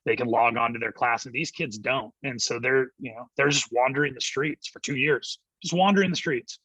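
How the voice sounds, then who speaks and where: A middle-aged man tells his story with lively energy, acting out what people said. His voice is bright and forceful, with a husky edge. The sound is close and dry. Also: mid-range voice, no echo, low-quality recording. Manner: animated storyteller acting out quotes, quick laughs. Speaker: guest, youth ministry director. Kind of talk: storytelling in a church podcast interview.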